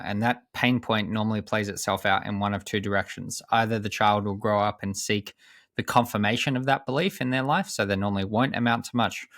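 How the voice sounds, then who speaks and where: A young man, a coach and podcast guest, telling a personal story in a measured, earnest way with pauses and restarts. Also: on the low side, fairly bright tone, no room sound, clean studio sound.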